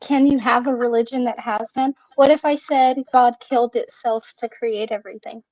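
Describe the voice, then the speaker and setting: A woman's voice: a little high, steady tone, normal speed, a little mellow, no echo, dull audio. A young woman telling a rambling story on a livestream, full of "like" and laughing at herself. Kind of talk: casual storytelling.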